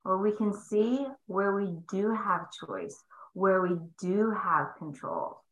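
A bright, clear-toned woman talks in a faith-based coaching style. She is lively and emphatic, slipping into hushed asides, and her voice rings in an echoey room. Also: mid-range voice, slow. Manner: expressive, swings between emphatic and hushed asides.

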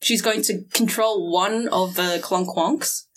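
A woman's voice: medium pitch, steady tone, slow pace, a little hiss or hum, rough recording. A woman playing a tabletop role-playing game, switching between narrating her character and sly, playful haggling. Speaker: player.

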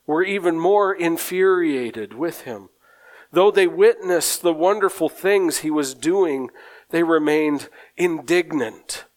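A male preacher delivering a sermon at an unhurried pace. His voice sits a little high for a man. He speaks earnestly and often repeats a word before going on. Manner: slow, earnest, with frequent repeated words.

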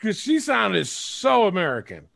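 A man with a high, gravelly voice hosts a casual podcast, swinging his pitch all over as he talks. He jokes and swears freely, and his voice sounds close and dry over a remote call mic. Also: measured pace, no echo. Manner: animated, profane, playful. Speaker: podcast host. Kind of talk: casual wrestling podcast chat.

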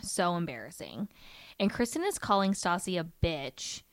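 A woman's voice: on the low side, sing-song, moderate pace, no room sound. Chatty young woman recapping, dry close mic. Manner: chatty, exasperated storytelling with fillers. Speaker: podcast co-host. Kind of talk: casual chat recapping a reality show.

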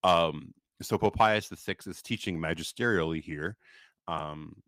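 Deep-voiced man, dry close sound. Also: a little slow, a bit bright, no room sound. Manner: emphatic, reads quotes aloud and comments. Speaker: podcast co-host. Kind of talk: casual discussion podcast.

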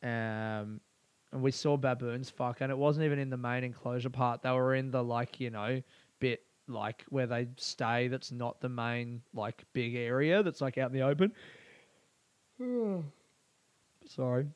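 A man's voice: mid-range voice, unhurried, clear, resonant tone, no echo. A young Australian man hosting his own podcast alone, rambling in a crude, profane, offhand way. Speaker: podcast host. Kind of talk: solo casual podcast monologue.

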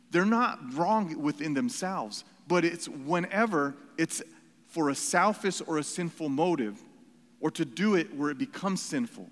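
A man's voice: on the high side, fairly bright tone. A man preaching a sermon as pastor, earnest and emphatic, repeating phrases and stopping for asides. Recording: reverberant hall.

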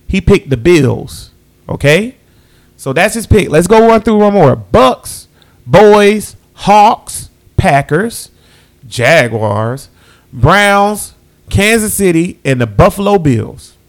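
Man, podcast host, loose casual chat, voice sits a bit high. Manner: loose, chatty, talks to listeners as y'all. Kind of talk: casual sports picks chat.

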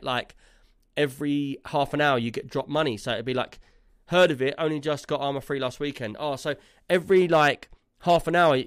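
A man's voice: medium pitch, dry recording, studio quality. A man, co-hosting a casual gaming podcast and telling a long, rambling story full of fillers. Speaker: podcast co-host.

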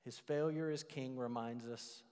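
Man, pastor, emphatic sermon delivery, middle pitch, long hall reverb. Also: clear, resonant tone. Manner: animated, emphatic preaching with drawn-out stressed words.

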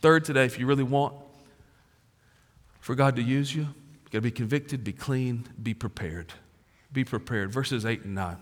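A man in his forties preaching a sermon as a pastor, talking casually and slangily, swinging from loud emphasis to low, quiet stretches. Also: normal speed, long pauses. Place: large church auditorium. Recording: long reverb of a large hall.

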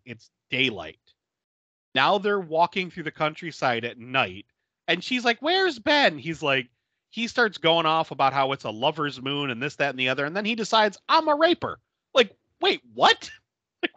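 A man's voice: fairly high pitch, moderate pace, no echo, dull audio. A man co-hosting a casual podcast, retelling a movie plot with lots of laughter and acted-out quotes. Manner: laughing often, animated retelling with quoted voices. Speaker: podcast co-host. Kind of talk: casual movie recap chat.

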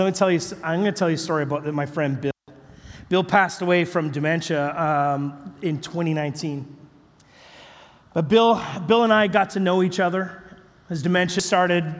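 A male pastor telling a story in a sermon, animated, acting out the voices of the people in it. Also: high-pitched. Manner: animated, acts out quoted voices. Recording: long hall reverb.

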